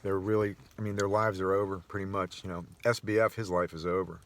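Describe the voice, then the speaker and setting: A man's voice: deep voice, little pitch movement, a little fast, slight background noise. A man vlogging a casual personal monologue, rambling with frequent restarts and chuckles.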